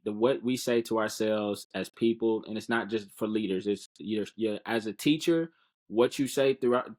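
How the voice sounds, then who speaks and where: A man's voice: mid-range voice, a little mellow. A man speaking as a guest in a casual podcast interview, earnest and encouraging, often repeating words while he finds them.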